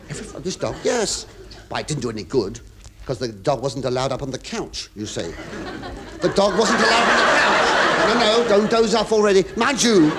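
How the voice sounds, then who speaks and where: An English comedian hosting a radio show, telling a rambling monologue full of stammers, asides and confiding remarks to the audience. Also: male voice, fairly high pitch. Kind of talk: stand-up comic monologue to a studio audience. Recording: hissy 1970s radio recording.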